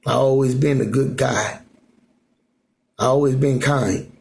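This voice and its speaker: A man with a gravelly, creaky voice rambles into his phone camera from home. His talk is loose and repetitive, full of filler phrases and restarts, at a middling pitch. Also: steady tone, unhurried, a little mellow. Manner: loose, repetitive, full of "you know what I'm saying". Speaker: vlogger. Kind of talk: rambling casual monologue. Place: at home in Alaska.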